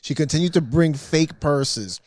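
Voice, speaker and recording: Animated, laughing man hosting a comedy podcast. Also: on the high side, measured pace, dry recording, studio quality. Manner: animated storyteller, laughs often, acts out quotes. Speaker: podcast host. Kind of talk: casual comedy podcast chat.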